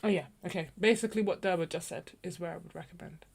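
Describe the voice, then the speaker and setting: A woman with a fairly low, breathy voice and vocal fry talks at a quick pace. She hosts an art livestream from her home studio indoors, chatting casually with viewers, meandering and often trailing off as she searches for names.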